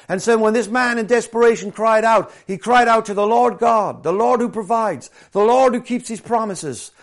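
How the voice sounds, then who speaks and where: A man preaching a sermon. He drops to hushed, slow scripture reading and then builds to loud, lively storytelling. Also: high-pitched. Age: adult, former professional soccer player.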